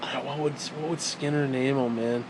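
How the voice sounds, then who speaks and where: A man's voice: mid-range voice, fairly even intonation, moderate pace, noisy background. A man in his forties ranting in a rambling, sarcastic, profane monologue as a vlogger.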